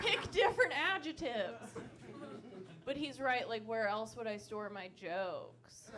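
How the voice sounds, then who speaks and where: A young woman performing a self-deprecating stand-up set on a comedy club stage into a handheld mic. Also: medium pitch. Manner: self-deprecating, animated, laughing between lines. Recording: club recording with crowd laughter. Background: audience laughter.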